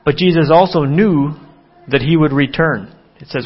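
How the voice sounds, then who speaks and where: A man's voice: moderate pace, husky, muffled recording. A man preaching an earnest sermon, voicing quoted dialogue with a lifted, more urgent tone. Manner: earnest, acts out quoted dialogue with rising pitch.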